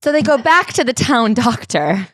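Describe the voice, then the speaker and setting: A woman's voice: a little high, big pitch swings, normal speed, a bit bright, dry recording, clean studio sound. A woman co-hosting a casual book-club podcast, wry and emphatic, with lots of "like". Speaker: podcast co-host.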